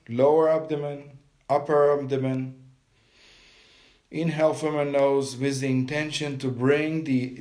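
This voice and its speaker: A man leading a guided meditation, giving calm step-by-step breathing instructions. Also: fairly high pitch.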